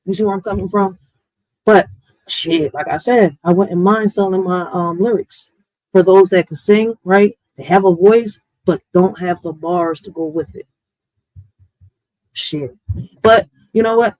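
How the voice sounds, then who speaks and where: A woman's voice: medium pitch, measured pace, a little mellow, no room sound, rough recording. A woman hosting a podcast in a casual ranting monologue, blunt and full of curses and street slang. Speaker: podcast host.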